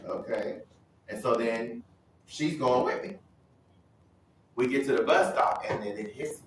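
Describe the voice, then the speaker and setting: Man, low voice, animated testimony, acts out voices, echoey church hall, mic far off. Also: unhurried, slight background noise. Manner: animated storytelling, acting out voices. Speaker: Bible study speaker. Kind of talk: personal testimony.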